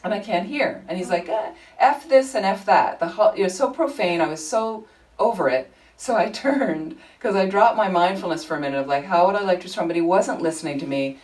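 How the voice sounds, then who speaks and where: A woman leading a Buddhist study group, telling anecdotes in an informal, animated way. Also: lowish voice, a little fast, recorded from a distance, poor audio. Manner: chatty, animated storytelling with frequent laughter. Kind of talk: informal teaching talk with anecdotes. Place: group meeting room.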